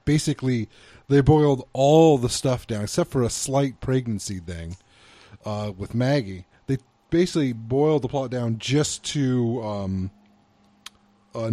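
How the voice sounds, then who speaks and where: A man co-hosting a movie review podcast in casual chat. His voice sits at a middle pitch, close and dry with no room around it. He stops and restarts often, circling back as he works out his point. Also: dark tone, no room sound. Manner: halting, lots of fillers and restarts. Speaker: podcast co-host.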